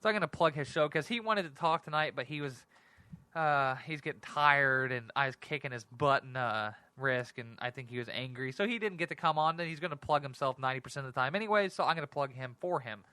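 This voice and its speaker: A man's voice: on the high side, fairly quick, clean tone, dry recording. Giggly rambling man hosting a show. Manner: rambling, giggly, self-deprecating; excitable and animated. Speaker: podcast host. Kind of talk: casual solo talk show monologue.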